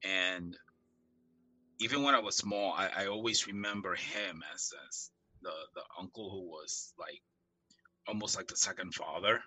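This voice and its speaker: A man sharing halting, reflective memories of his uncle on a family video call, with Spanish words mixed in. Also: low voice, pushed and bright, husky, no echo, low-quality recording.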